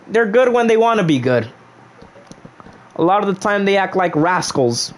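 A man's voice: high voice, sing-song, normal speed. A young man casually chatting on a gaming livestream, reading viewers' chat aloud and joking back at them.

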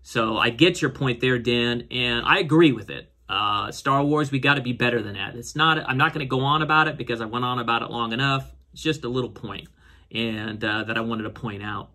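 Bright-voiced man rambling through a recap. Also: brisk. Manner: rambling, many fillers and restarts; voices characters' lines with raised pitch. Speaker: show reviewer. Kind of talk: casual episode recap and commentary.

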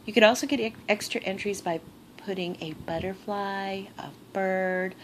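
With a medium-pitched voice at normal speed, a woman unboxes gifts for her crafting vlog, gushing with excitement and laughing and gasping frequently. The recording comes from her phone in her bedroom and is noisy.

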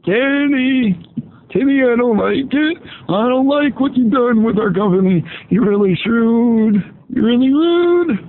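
A man voicing an indignant male business partner in a whiny, scolding falsetto. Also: a little slow. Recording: tinny phone-like lo-fi.

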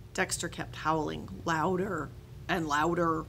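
Teacher reading a kids' chapter book aloud, a woman with animated, expressive delivery. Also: lowish voice, normal speed, slight background noise.

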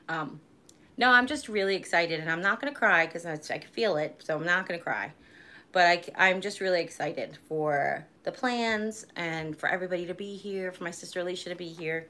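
Woman, 40s, lower voice, rambling live-stream host who laughs easily. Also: fairly quick, pushed and bright. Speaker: vlogger hosting a live stream. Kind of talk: casual live-stream chat.

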